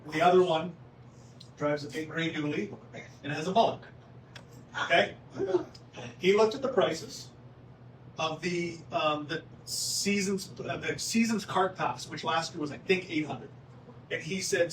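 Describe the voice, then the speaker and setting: A man talks through a town hall meeting in a casual, joking way and keeps checking in with "right?". His voice sits a little high. He is picked up from a distance in an echoey room with faint background noise. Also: moderate pace, pauses often. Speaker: golf course manager presenting at a town hall. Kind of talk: town hall presentation with questions.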